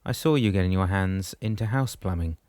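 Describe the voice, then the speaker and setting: A man's voice: deep voice, a little fast, a little mellow, no echo, studio quality, close to an everyday voice. A man doing a genial, teasing older mentor.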